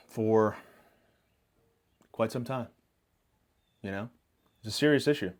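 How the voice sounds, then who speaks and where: A man hosting a podcast, rambling through a self-mocking comic monologue full of absurd tangents and deadpan hot takes. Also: on the low side, slow, long pauses. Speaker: podcast host.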